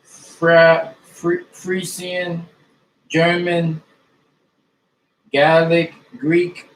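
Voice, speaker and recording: A man slowly reading a list of dictionary abbreviations and language names aloud, one item at a time. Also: on the high side, completely flat delivery. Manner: slow, deliberate list reading. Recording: echoey room.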